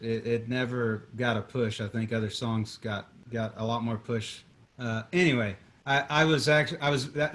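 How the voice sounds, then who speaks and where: A man, a guest singer-songwriter, chatting casually over a video call, rambling with many restarts and fillers. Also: mid-range voice. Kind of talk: casual chat.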